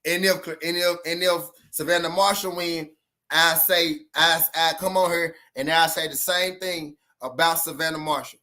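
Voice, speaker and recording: A man's voice: fairly high pitch, steady tone, moderate pace, pushed and bright. A man with a Southern US accent hosting a casual boxing livestream, chatting loosely with viewers and repeating himself.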